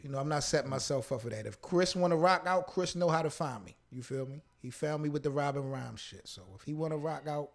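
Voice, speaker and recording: A man's voice: fairly high pitch, fast talker, creaky, few pauses. A man co-hosting a casual live-streamed chat, talking in a laid-back, slangy way and ending phrases with "man". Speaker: co-host.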